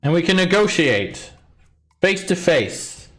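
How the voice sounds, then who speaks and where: A man's voice: sits high, sing-song, takes it slowly, fairly bright tone, soft background music, pitched above the performer's own voice, exaggerated voice. A man voicing a taunting, menacing raider leader in a tabletop game. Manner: mocking, threatening, smug.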